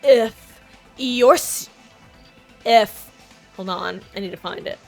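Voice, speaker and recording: A woman's voice: fairly high pitch, slow pace, creaky, soft background music. A woman streamer making casual gameplay commentary, chatting, correcting herself and laughing between asides.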